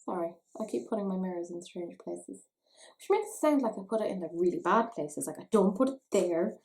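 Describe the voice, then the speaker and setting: A woman's voice: on the low side, lively intonation, fairly quick, a little mellow, poor audio. A woman, chatting playfully and mocking herself while doing her makeup at home for a beauty vlog. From Ireland. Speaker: beauty vlogger. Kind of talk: casual makeup tutorial chat.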